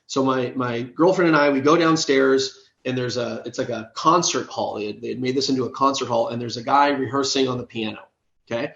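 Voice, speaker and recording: A man's voice: mid-range voice, steady tone, a little fast, a bit bright, roomy sound, muffled recording. A man, an app co-founder, casually telling a story in a podcast interview, often checking in with "right?". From United States.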